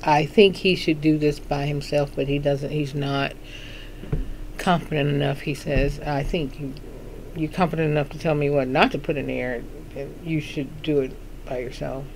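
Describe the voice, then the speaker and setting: A woman's voice: low voice, fairly even intonation, normal speed, slight background noise. A woman hosting a casual book chat, talking in a chatty, sassy way and laughing often. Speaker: host of a book chat show.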